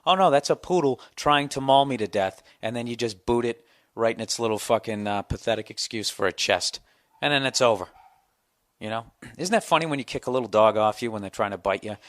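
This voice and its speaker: A man in his forties riffing through a profane comic rant as a podcast host, voice sitting at an everyday middle pitch. The sound is dry and close, with no room around it. He rambles, swears and keeps circling back for emphasis. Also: fairly quick, dry recording. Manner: profane, ranting, animated storytelling. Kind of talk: casual storytelling monologue.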